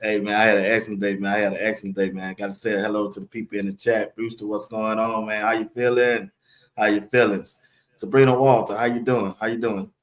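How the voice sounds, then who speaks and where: A man hosting a live sports talk stream, firing off casual shout-outs to the chat and laughing often. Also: on the low side, little pitch movement, fast talker. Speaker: live show host.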